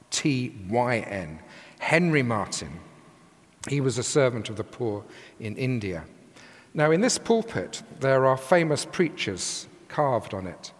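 An older man from England preaching a sermon from the pulpit with a lively, emphatic cadence. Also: mid-range voice. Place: large church with long reverb. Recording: echoey church hall.

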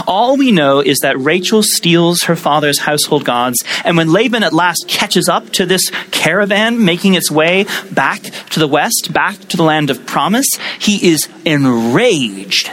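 Conversational male preacher with a somewhat high voice. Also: animated, a little slow, a bit bright, rough recording. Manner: conversational storytelling with humorous asides. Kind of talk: sermon, Bible teaching.

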